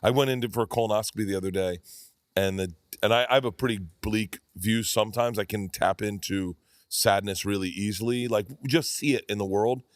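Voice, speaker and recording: A man's voice: on the low side, brisk, no echo, studio quality. A man in his fifties, a podcast guest telling rambling stories in casual chat and acting out quotes as he goes. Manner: rambling, animated storyteller who acts out quotes.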